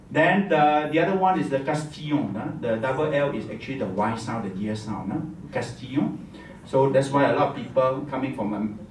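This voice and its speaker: This wine masterclass is delivered live in a hotel function room by a man with a voice on the high side. He's playful yet instructive, ending remarks with "huh?", and the echoey recording catches him from a distance with slight background noise.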